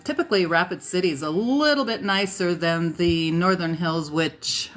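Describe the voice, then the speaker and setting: A woman's voice: fairly low pitch, moderate pace, fairly bright tone. A woman from South Dakota hosting a casual livestream, greeting viewers by name and chatting with fillers and asides, a bit tired at the end of the day. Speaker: livestream host. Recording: faint music behind.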